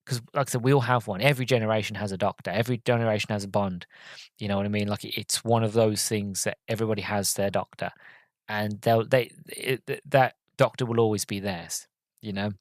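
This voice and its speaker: A man's voice: on the low side, steady tone, a little fast, no echo. A man hosting a podcast, giving a rambling, emotional and enthusiastic film review in a casual monologue. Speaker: podcast host.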